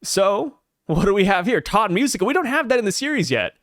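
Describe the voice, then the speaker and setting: A man's voice: high-pitched, big pitch swings, a little fast, a bit bright, dry recording, studio quality. A man co-hosting a podcast, chatting casually and animatedly about manga, sometimes reading panel dialogue aloud. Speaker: podcast co-host.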